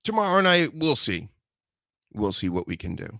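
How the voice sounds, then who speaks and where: A man hosting a solo podcast, rambling and joking with mock threats and loud mocking outbursts. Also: mid-range voice, sing-song, moderate pace, gravelly, no room sound, studio quality. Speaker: podcast host. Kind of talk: casual solo wrestling podcast chat.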